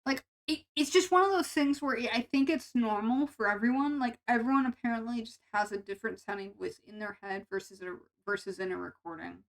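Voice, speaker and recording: Nasal young streamer girl, kinda high voice, rambly and giggly, lots of restarts. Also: fairly quick, hardly any pauses. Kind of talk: casual live-stream chat with chat.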